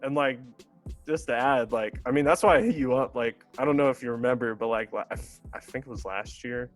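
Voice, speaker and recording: A man's voice: medium pitch, brisk, faint music behind. A young man as a podcast guest, chatting casually, hesitant and laughing often. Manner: hesitant, many fillers and restarts, laughs often. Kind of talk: casual chat.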